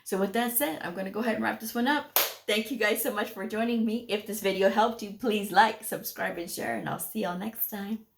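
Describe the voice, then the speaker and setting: A woman's voice: mid-range voice, fairly quick, vocal fry, a little hiss or hum. Woman vlogger lecturing her viewers straight, blunt and folksy, says y'all a lot. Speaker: medical coding channel host. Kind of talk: direct-to-camera advice vlog.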